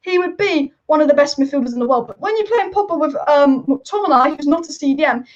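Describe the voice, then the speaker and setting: This football channel host is a fast-talking woman with a high, expressive voice. Over dull lo-fi stream audio, she reads out viewer comments and rambles through her passionate takes.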